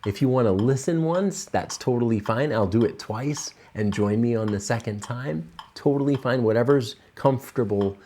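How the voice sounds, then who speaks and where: A man teaching piano, explaining a blues piece at an unhurried pace with many fillers. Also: medium pitch, mellow, a little hiss or hum. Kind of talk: relaxed instructional explanation.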